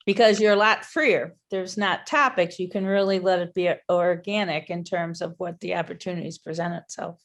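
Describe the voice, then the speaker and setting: A woman's voice: lowish voice, steady tone, moderate pace, few pauses. A woman in a faculty discussion, answering a question thoughtfully. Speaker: faculty participant. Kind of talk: discussion over video call.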